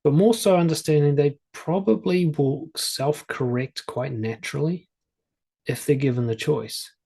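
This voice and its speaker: A man's voice: on the high side, a little slow, vocal fry, dark tone, breathy edge. A man coaching parents on confidence, talking plainly and conversationally and drawing on examples from his own family. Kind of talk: advice talk to camera.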